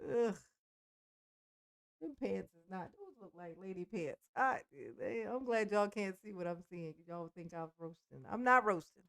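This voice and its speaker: A woman's voice: medium pitch, measured pace, a bit bright, smooth, no room sound. A woman giving blunt, profane reaction commentary, laughing often. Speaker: commentary host reacting to a clip.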